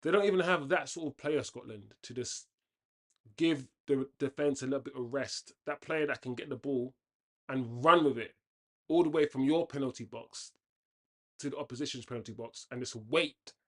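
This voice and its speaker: Casting note: male streamer, casual live match chat, rambling asides, sudden loud outbursts at the game, mid-pitched everyday voice. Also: normal speed. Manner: chatty, reacts loudly to the game, rambling tangents. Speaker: host of a football watchalong.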